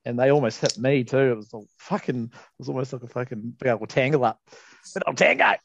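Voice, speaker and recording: A man's voice: mid-range voice, fast talker, vocal fry, lo-fi sound, a little hiss or hum. A man, co-hosting a podcast and telling a casual story, laid-back, laughing often and swearing freely. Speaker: podcast co-host.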